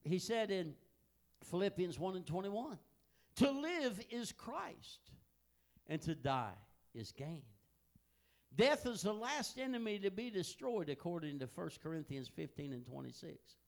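An older man preaching a sermon, telling folksy family stories that swing from hushed asides to loud, emphatic peaks. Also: fairly high pitch, expressive, moderate pace. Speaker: pastor.

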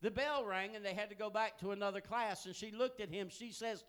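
An older man preaching a sermon, telling folksy family stories that swing from hushed asides to loud, emphatic peaks. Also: sits high, brisk, hardly any pauses, clean tone. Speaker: pastor.

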